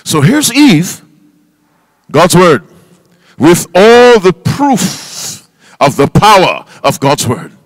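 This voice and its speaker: A male pastor with a mid-range voice preaches, quizzing his listeners with call-and-response questions. He reads King James scripture aloud emphatically, spelling out words to stress them. The recording has no room sound.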